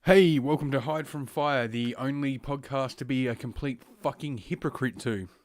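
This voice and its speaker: A man's voice: mid-range voice, moderate pace, slight background noise. Rambling, profane man podcasting. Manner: rambling, crude and heavily profane. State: a little out of breath. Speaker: podcast host. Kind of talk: casual solo podcast rant. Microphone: podcast microphone.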